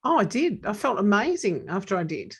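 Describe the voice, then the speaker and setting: A woman's voice: mid-range voice, big pitch swings, brisk, husky. A woman podcast host, candidly sharing a personal story in casual conversation.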